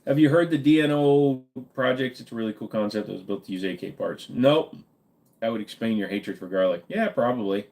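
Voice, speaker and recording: A man's voice: medium pitch, expressive, fairly quick, gravelly, darkish tone. A man with a slight Minnesota accent, hosting a casual live Q&A stream, tired and wisecracking, swearing offhandedly. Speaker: livestream host.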